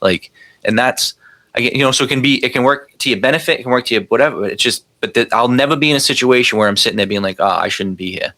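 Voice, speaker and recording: Man, podcast guest, fast profane storytelling, bright forceful voice. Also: medium pitch. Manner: rambling, profane, emphatic storytelling. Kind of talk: casual conversation.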